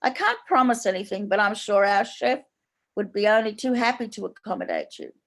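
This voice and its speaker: A woman's voice: medium pitch, fairly quick, close to an everyday voice. A woman reading a polite male waiter. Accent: Australian. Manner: formal, smooth politeness.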